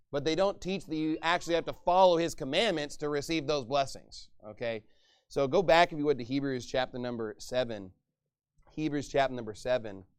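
A pastor delivering a sermon in a conversational style, tagging points with "okay?" and bursting into loud, emphatic peaks. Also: male voice, mid-range voice, smooth. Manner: conversational asides with frequent "okay?" and "right?".

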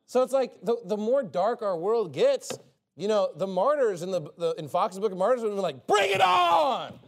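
A man's voice: high voice, lively intonation, normal speed, darkish tone. A man preaching an informal sermon in a sarcastic, rambling way with joking asides.

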